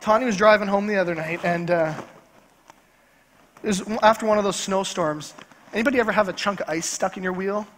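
High-voiced man preaching in a reverberant church. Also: fairly bright tone, a little hiss or hum. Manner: emphatic, repeats key phrases slowly. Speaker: pastor. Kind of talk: sermon. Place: church sanctuary. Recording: long church hall reverb.

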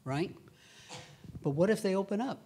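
A middle-aged male pastor preaching a lively sermon, acting out voices in his stories. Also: high voice, normal speed, a little hiss or hum. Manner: animated, acts out quoted voices, laughs at his own stories.

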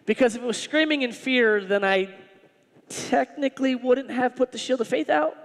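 A male pastor preaching a sermon in an animated, humorous, conversational way. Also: very high-pitched, normal speed, gravelly, big-room sound.

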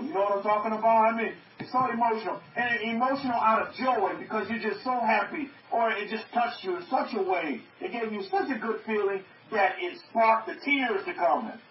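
This high-voiced man from North America is preaching to an online audience, driving points home by repeating himself and asking his listeners questions. He sounds far away, muffled and echoey, over faint background noise.

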